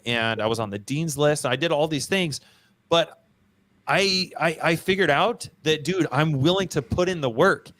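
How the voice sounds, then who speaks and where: A man's voice: mid-range voice, a bit bright. Slangy, emphatic man telling his story. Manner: slangy, storytelling, frequent "bro" and "dude"; self-deprecating and emphatic. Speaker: podcast host. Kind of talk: casual podcast conversation.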